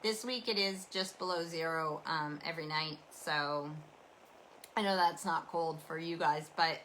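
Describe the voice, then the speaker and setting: A woman's voice: deep voice, a little slow, a bit bright, a little hiss or hum, low-quality recording. A Canadian woman hosting a casual rambling chat, talking in a meandering, chatty, self-deprecating way. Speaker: host.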